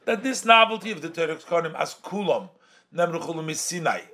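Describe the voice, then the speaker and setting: A man's voice: fairly high pitch, sing-song, brisk, sharp tone. A man teaching a Torah text, explaining phrases in English mixed with Yiddish and Hebrew terms in a sing-song study cadence. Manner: explains by translating phrases, then restating them. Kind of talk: Talmudic-style study lesson.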